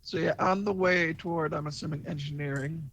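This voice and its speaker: A man playing a tabletop game, speaking in character as a formal, measured starship commander. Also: fairly high pitch, fairly even intonation, crowd noise. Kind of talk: in-character role-play.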